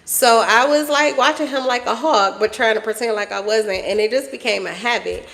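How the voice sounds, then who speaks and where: A woman's voice: a little high, normal speed, vocal fry, fairly bright tone, long reverb tail. A woman giving a casual collective tarot reading, chatty and playful, laughing often and swearing freely. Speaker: tarot reader.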